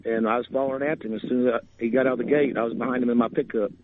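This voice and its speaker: A man's voice: medium pitch, fairly even intonation, noisy background. Hesitant man on a tinny phone line. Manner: hesitant, upset, halting. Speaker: caller. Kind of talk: phone-in caller.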